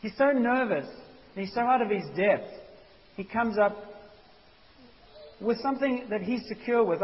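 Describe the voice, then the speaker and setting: A man preaching a sermon as a pastor, animated and conversational, acting out quotes. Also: high-pitched, normal speed, pauses often. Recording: dull hissy recording in a reverberant hall.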